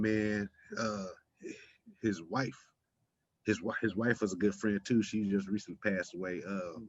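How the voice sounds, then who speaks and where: A man's voice: lowish voice, dry recording. Laid-back man, dull muffled mic. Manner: laid-back, heartfelt, slangy. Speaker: podcast co-host. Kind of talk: casual chat.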